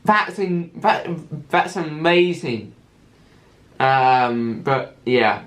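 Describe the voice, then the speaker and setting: A man hosts a casual solo podcast in an unhurried, drawn-out way. He stumbles and restarts words as he goes. The sound carries a noticeable room echo. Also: mid-range voice, expressive, a bit bright. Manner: stammering, restarts words often. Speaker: podcast host.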